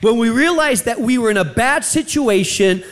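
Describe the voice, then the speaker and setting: A man's voice: extremely high pitch, normal speed. A man from the United States preaching a sermon, telling a personal story and acting out the voices in it. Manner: animated, acts out quoted voices.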